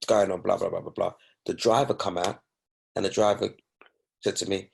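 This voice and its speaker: A man's voice: deep voice, fairly even intonation, moderate pace, creaky, pauses often, a little hiss or hum. A young man, a guest in a casual chat, telling stories in an emphatic, indignant way.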